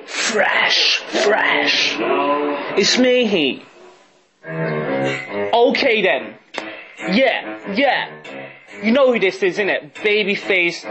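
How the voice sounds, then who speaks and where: A man's voice: high voice, exaggerated voice. A man playing a boastful young grime MC, rapping a taunting comic diss and laughing as he goes. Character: cocky short young male grime MC with an afro. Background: music beat.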